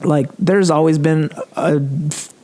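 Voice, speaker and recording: Lively, chatty man with a higher voice. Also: a little slow. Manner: chatty, animated explainer who demos metal vocals. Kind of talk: casual podcast conversation.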